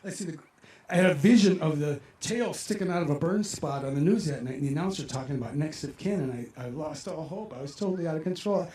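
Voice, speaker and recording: Animated older man telling a story. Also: a little high, quick pace, echoey room. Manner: animated and emotional, acting out his own past reactions. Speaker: storyteller performing for an audience. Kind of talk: live personal storytelling. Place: outdoor amphitheater.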